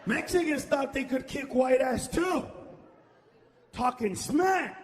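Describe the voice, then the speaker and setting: A man performing a loud stand-up comedy routine, shouting punchlines and acting out characters. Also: very high-pitched, expressive, takes it slowly, some chatter behind, slight background noise. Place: comedy stage.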